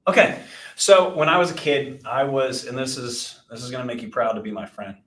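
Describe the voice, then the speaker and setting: A man's voice: medium pitch, expressive, a little fast, a bit bright. Man telling a rambling story. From Texas. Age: 40s. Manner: rambling, self-deprecating storyteller with many restarts. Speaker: podcast co-host, insurance agency owner. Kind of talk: casual chat and storytelling. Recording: roomy echo.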